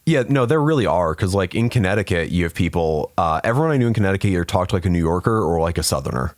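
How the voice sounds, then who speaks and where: A man co-hosting a podcast, chatting casually, swearing freely and animated. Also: sits low, no room sound, clean studio sound. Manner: animated, swears freely, jumps into quick put-on voices. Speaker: podcast co-host. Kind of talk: casual chat.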